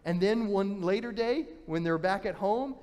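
A male pastor preaching with a high voice, telling the story in an animated way and often restarting his phrases. His words carry a long reverb from the church sanctuary. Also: normal speed. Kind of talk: sermon.

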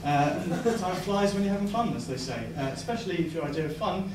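Young male stand-up, high lively voice, slow hesitant deadpan delivery, echoey distant live recording with loud laughter. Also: noisy background. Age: young adult. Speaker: stand-up comedian. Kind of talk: stand-up comedy set. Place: comedy club stage. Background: audience laughter.

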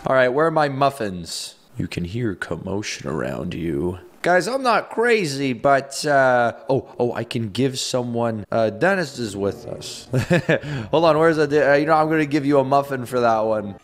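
A young man hosting a game video, commenting in an excitable, jokey way and laughing often. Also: medium pitch, normal speed, a little hiss or hum. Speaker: gaming video host. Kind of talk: let's-play commentary.

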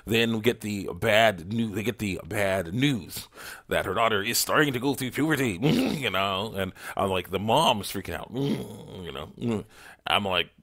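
A man's voice: lowish voice, measured pace, fairly bright tone. A man hosting an online ministry talk, rambling casually through chat messages, chuckling often, with many fillers.

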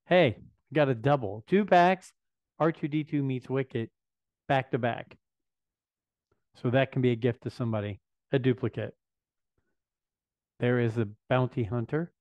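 A man's voice: medium pitch, steady tone, moderate pace, pauses often, no room sound. A man in his fifties hosting a casual unboxing video, chatting enthusiastically and thinking aloud as he goes. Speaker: vlog host. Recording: dry, slightly dull lo-fi sound.

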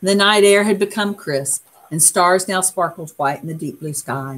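A woman reading a picture book aloud in a soft, unhurried way, pausing to comment on the pictures. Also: lowish voice. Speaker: storyteller.

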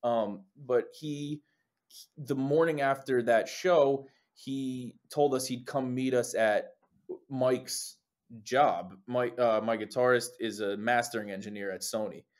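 A man's voice: medium pitch, slow. Swearing young man telling stories. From New Jersey. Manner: animated storytelling, swears, acts out quotes. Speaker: lead singer, guest. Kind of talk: casual podcast chat.

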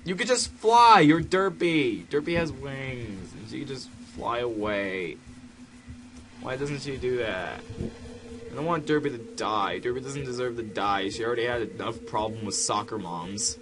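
A man doing let's play commentary on a horror game, jumpy and panicky, yelling at the screen. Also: medium pitch, a little slow, background noise. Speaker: gamer playing a horror game.

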